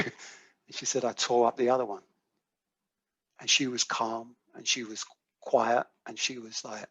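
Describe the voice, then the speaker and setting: A man's voice: medium pitch, level tone, a little slow, long pauses, a bit bright, husky, dry recording. A man with a British accent, speaking at a recovery workshop and telling a personal story, acting out the quoted dialogue and swearing now and then. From United Kingdom. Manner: vivid storyteller who acts out quoted dialogue, swears casually. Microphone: video call microphone. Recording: dull, lo-fi call audio.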